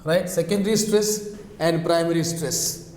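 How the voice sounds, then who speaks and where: A man's voice: a little high, fairly even intonation, a little mellow, a little hiss or hum. A male teacher giving a classroom lesson on word stress, repeating key words and phrases as he drills them. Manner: repetitive, drills words slowly. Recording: echoey long-reverb room.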